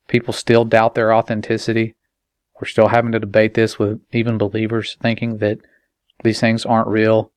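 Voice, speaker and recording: A man delivers a serious faith-based warning in a clear, resonant mid-pitched voice. The recording is dry and close, and his pace is measured and earnest, slowing to drive his points home. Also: dry recording. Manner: earnest, measured, slows for emphasis. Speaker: parent and video maker. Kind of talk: earnest religious warning monologue.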